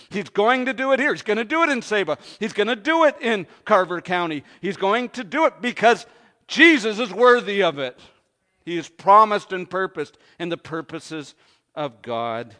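Pastor guy preaching, bright voice, kinda high, goes quiet then big and loud, lots of questions to the crowd. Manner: dynamic preaching, swings from hushed to loud; asks the congregation questions. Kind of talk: sermon.

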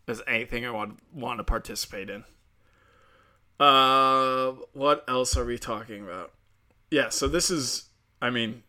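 Solo podcast host, male, foul-mouthed sarcastic ranter, mid pitch, bright edge. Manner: crude, ranting, sarcastic, mocking voices.

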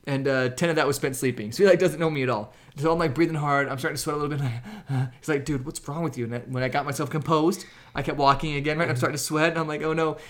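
A young man telling a story in a casual chat as a podcast co-host, animated and laughing as he goes. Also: fairly high pitch, fast talker, few pauses.

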